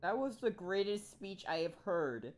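A woman's voice: mid-range voice, sing-song, a little slow. A woman gaming creator reacting emotionally to a game, exclaiming and close to tears.

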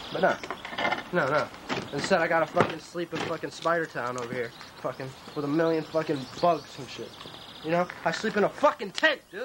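A man's voice: fairly high pitch, background noise. A young man in a rambling, profane comedic monologue, griping and bragging by turns, full of bro slang. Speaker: clothing designer character. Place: outdoors at a tent camp.

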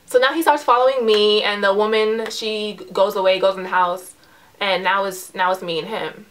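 Young woman in her twenties, casual storytime vlogger, filler-heavy, animated delivery. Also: mid-range voice, normal speed. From New York. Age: 20s. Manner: chatty, heavy use of "like" and "um"; animated storyteller, voice rises when retelling the confrontation.

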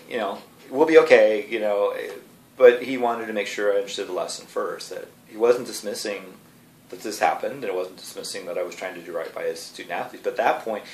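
A man tells a story quickly and casually, sprinkling in "you know." His voice is lowish. He sits back from the mic in an echoey room with faint ambience. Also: recorded from a distance, a little hiss or hum. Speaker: athletic trainer. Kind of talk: casual recollection.

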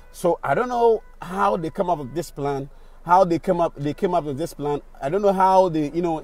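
A man's voice: a little high, a little mellow. A Ghanaian man, a radio presenter, giving indignant on-the-spot video commentary on a city street, repeating rhetorical questions.

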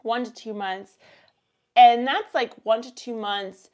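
A woman's voice: on the high side, slow, darkish tone. Canadian woman in her thirties hosting a live Q&A, talkative and rambling, easygoing delivery. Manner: chatty, rambling, reads chat aloud. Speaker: host. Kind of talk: live stream Q&A.

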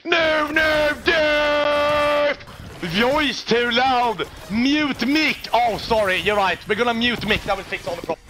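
A young man, loudly and excitably commentating his own live gameplay, swearing and shouting at teammates. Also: extremely high pitch, moderate pace, a little hiss or hum. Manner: loud, excitable, profane, often shouting at teammates. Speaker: game streamer.

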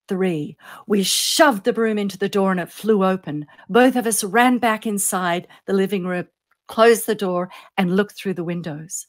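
An author reads her own story aloud in a fairly low woman's voice. She builds suspense, lifting for the tense moments and letting each phrase sink softly at the end.

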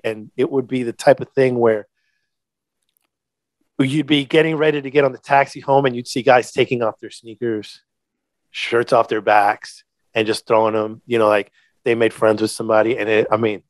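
A man's voice: mid-range voice, no echo. A middle-aged man, a podcast guest, telling a personal story in a candid, earnest way, emphatic and casually swearing.

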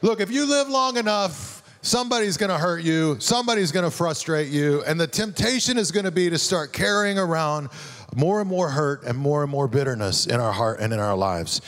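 A man's voice: fairly high pitch, normal speed, fairly bright tone. A man preaching a sermon as a guest pastor, telling stories in a conversational way and acting out the lines he quotes.

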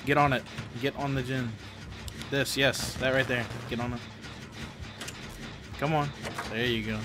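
A man's voice: medium pitch, fairly even intonation, a little slow. A man streamer giving live gameplay commentary, urging a teammate and repeating himself. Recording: noisy background.

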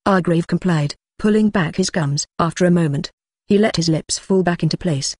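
A synthetic-sounding voice reading a fantasy audiobook in an even, flat manner. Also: mid-range voice, moderate pace, no echo. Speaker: audiobook narrator. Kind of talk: scripted narration.

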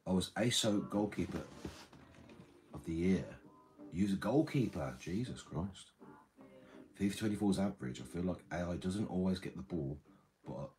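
A man's voice: sits low, expressive, normal speed, long pauses, darkish tone. A man hosting a livestream, rambling casually, reading chat and swearing freely.

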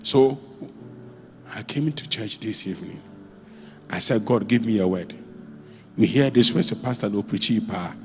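A man preaching a sermon as a pastor, telling stories with sudden jumps in pitch and loudness. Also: normal speed, long pauses, big-room sound, soft background music. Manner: animated storytelling, with sudden jumps in pitch and volume. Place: church.

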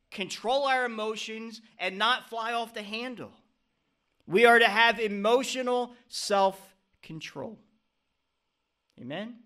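Middle-aged male pastor, high bright voice, earnest preaching with call-and-response "Amen?" checks. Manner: preaching with frequent "Amen?" calls to the congregation. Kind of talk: sermon.

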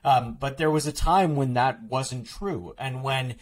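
On a podcast, a male author with a medium-pitched voice answers interview questions quickly and casually, rambling along with frequent "like" fillers and restarts.

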